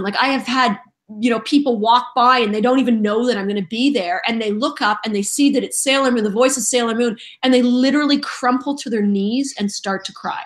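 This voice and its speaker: A middle-aged woman, a voice actress, telling stories in a lively, self-deprecating way during a casual interview. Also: a little high. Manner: animated, self-deprecating storyteller. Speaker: voice actress guest.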